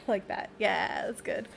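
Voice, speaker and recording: A woman hosting an art livestream, chatting casually and giggling while she draws and answers her chat. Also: medium pitch. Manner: bubbly, giggly, chatty, reads chat aloud. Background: faint background music.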